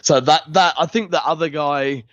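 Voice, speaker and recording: A man chats as a podcast guest, pausing often and mimicking other voices as his stories go on. The audio is dry and dull, like a remote call. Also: fairly high pitch, dry recording. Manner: chatty, hesitant, mimics voices while telling stories. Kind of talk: casual chat.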